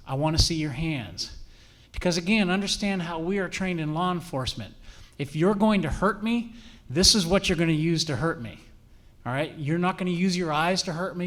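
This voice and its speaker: Man, middle-aged, police trainer, slightly high-pitched, direct, earnest lecture delivery. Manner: earnest, direct, often checks in with "all right?". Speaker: campus police officer and trainer.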